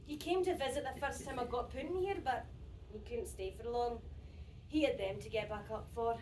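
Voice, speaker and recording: A stubborn, sharp-tongued Scottish patient, played by a woman in a high voice with a Scottish accent and blunt, teasing retorts. The stage play is recorded from far back, so it is echoey. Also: moderate pace, slight background noise, close to an everyday voice. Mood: wistful. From Scotland. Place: theatre stage.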